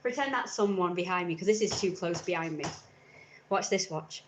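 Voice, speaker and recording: There's background noise as a young woman with a fairly low voice chats at normal speed on a home live stream. The vlogger rambles and plays out little scenes with abrupt squeals, recorded indoors on a camera mic.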